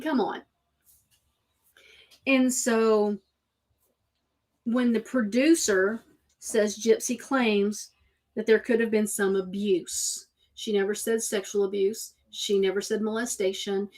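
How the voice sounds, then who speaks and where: A woman's voice: on the high side, steady tone, measured pace. A woman hosts a show in a casual, opinionated way. She talks emphatically and drives her points home by repeating them. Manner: emphatic, repeats herself for effect. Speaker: host.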